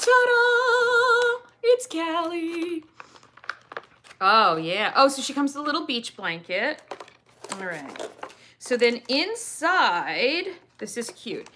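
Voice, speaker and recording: Bright-voiced woman chatting over a doll unboxing. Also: on the low side. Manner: chatty, goofy, answers viewer questions as she goes. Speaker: doll review channel host. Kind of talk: casual live chat while unboxing a doll.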